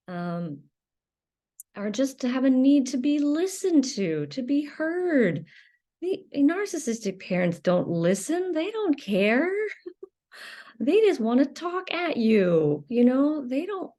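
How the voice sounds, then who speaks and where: Slow, mellow-voiced woman talking earnestly. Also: sits high, big pitch swings. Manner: slow, earnest, with frequent fillers and restarts. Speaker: channel host. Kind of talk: personal monologue to camera.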